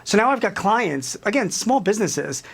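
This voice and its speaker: A man speaking as a business commentator and guest on a TV news interview, animated and emphatic, with many fillers. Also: sits high, normal speed, vocal fry, breathy edge.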